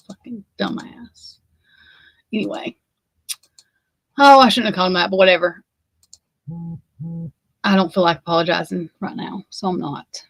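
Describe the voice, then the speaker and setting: A woman's voice: mid-range voice, a little slow, long pauses, dry recording. A woman with an Alabama accent hosting a casual chat, rambling and swearing freely. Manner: rambling and profane, with frequent swearing. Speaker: host.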